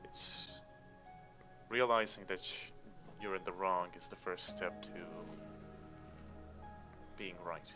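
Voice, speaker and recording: A man playing a soft-spoken earnest adventurer. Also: low voice, fairly even intonation, music in the background. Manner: quiet, earnest, measured.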